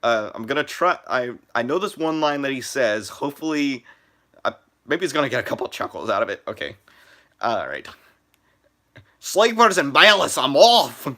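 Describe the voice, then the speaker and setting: A man's voice: mid-range voice, very animated, fairly quick, a bit bright. Rambling young man on a live stream. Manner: rambling, many fillers and restarts. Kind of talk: casual live stream chat.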